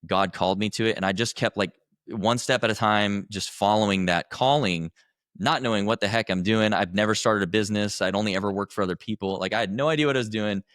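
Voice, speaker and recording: A man with a very low voice talks earnestly as a podcast guest, circling back and restarting his thoughts. The sound is dry and close. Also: quick pace, a bit bright, no echo. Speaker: podcast guest, coach for husbands. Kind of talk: conversational interview.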